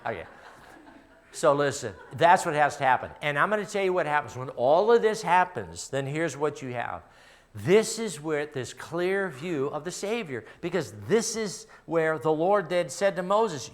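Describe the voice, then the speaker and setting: A middle-aged man with a Midwestern American accent preaching a sermon in a church, telling stories in a conversational way and dropping to a hush for personal moments. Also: mid-range voice, lively intonation, moderate pace. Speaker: pastor. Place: church sanctuary.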